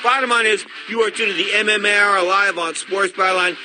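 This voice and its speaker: A man's voice: high voice, steady tone, fairly quick, music in the background. A man hosting a sports radio show, talking bluntly and emphatically and repeating his points. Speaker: radio host. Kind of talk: opinionated sports radio talk.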